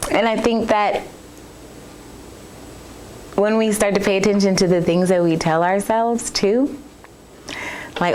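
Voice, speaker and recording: A woman's voice: mid-range voice, steady tone, measured pace, pauses often, darkish tone. Earnest woman musing on self-talk. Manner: earnest and conversational, acts out inner voices, many restarts. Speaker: bodywork therapist and podcast host. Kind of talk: reflective solo talk.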